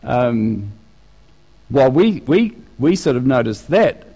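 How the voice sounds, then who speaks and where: A man preaching a sermon in an animated, conversational way, often restarting his sentences. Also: mid-range voice, takes it slowly. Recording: long reverb of a large hall.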